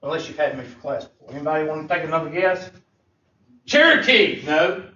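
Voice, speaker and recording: A man's voice: on the high side, quick pace, fairly bright tone. A man teaching a math class, joking and folksy as he lectures. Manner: joking, folksy, drawled Southern phrasing. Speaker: math instructor. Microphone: far room mic. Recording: echoey, distant, muffled classroom recording.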